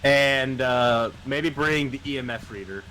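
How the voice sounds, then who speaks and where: A man's voice: mid-range voice, a little slow, pushed and bright, slight background noise. A man coaching a friend through a video game in casual chat, repeating his instructions and teasing. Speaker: gamer guiding a friend.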